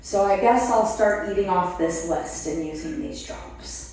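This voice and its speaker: A woman speaking to an event audience, telling her own story with animated play-acting of her past reactions. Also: lowish voice, a little slow. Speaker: speaker at a wellness product event. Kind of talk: motivational testimonial talk to an audience. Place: event hall. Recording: echoey room, voice from far off the mic.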